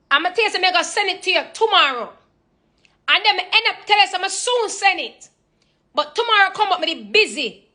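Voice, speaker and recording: A woman's voice: very high-pitched, pushed and bright, voice pushed up, full character voice. A woman putting on the voice of her Jamaican mother, insistent and interrogating, speaking into a phone. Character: pushy Jamaican mother, middle-aged woman.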